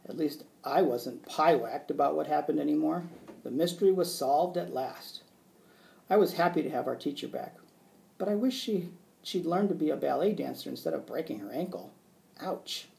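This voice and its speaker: A male teacher reading a children's book aloud with expressive narration. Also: on the high side, brisk, gravelly.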